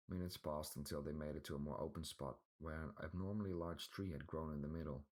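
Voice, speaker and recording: A man reading a fantasy audiobook aloud with a remarkably deep, low voice. His reading is plain and even, scene by scene. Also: a little fast, hardly any pauses. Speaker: audiobook narrator. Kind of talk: scripted storybook narration.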